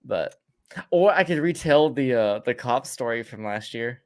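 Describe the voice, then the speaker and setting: A man in a casual podcast chat, spinning a long tale at an ordinary middle pitch. He trips over words, doubles back and restarts often, and lets out a laugh here and there. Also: expressive, measured pace, darkish tone. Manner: laughs between lines. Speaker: podcast co-host. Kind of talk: casual spooky storytelling.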